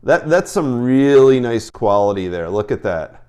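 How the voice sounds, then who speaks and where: Homem animado apresentando entrevista por chamada. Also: male voice, medium pitch, big pitch swings, darkish tone, clean tone. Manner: enthusiastic, talks in quick restarts. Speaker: interview host. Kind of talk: casual video-call interview. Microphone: video call.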